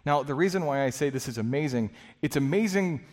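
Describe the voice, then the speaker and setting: Male pastor, mid-pitch, earnest conversational sermon, recorded with long church-hall reverb. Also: fast talker. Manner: earnest, conversational preaching with restarts and dramatized quotes.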